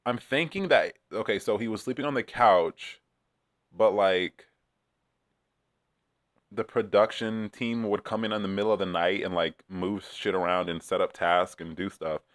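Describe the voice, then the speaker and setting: A man's voice: on the low side, moderate pace, no echo, clean studio sound. A man chatting casually in a rambling, profane way, with many fillers, as he recaps a reality show. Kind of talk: casual chat.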